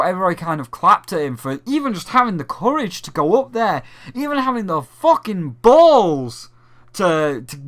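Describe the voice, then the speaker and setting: A young man ranting casually about a televised event, swearing often and breaking into mocking impressions of others. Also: high voice. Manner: profane, animated, slips into mocking impressions. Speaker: gaming vlogger.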